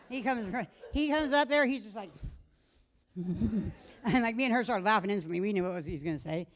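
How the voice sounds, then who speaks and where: A woman's voice: medium pitch, expressive, normal speed, pauses often. A middle-aged woman doing a stand-up set in a comedy club, rambling and crude, breaking off mid-sentence and laughing at her own jokes. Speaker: stand-up comic.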